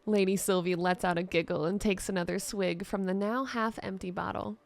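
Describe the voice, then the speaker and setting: A woman narrating a scripted fantasy tale in a steady, descriptive storytelling voice. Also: medium pitch, a little fast, gravelly. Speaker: writer and narrator.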